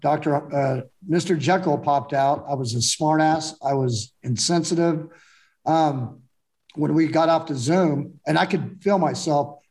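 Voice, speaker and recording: A man's voice: a little high, darkish tone. A man speaking reflectively in a candid chat, in short plain sentences about his own experience.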